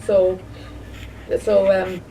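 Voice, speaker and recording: A woman's voice: medium pitch, completely flat delivery, drawn-out words, warm tone. A woman vlogger talking casually to the camera, rambling and repeating herself with many restarts, recorded from a distance. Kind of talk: casual home video talk. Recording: distant mic with faint background noise.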